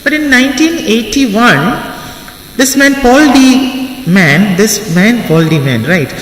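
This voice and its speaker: A man's voice: very high voice, lively intonation, takes it slowly, fairly bright tone. A man giving a classroom lecture on literary theory, repeating phrases and spelling out words for his students. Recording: echoey hall, voice from far off, faint ambience.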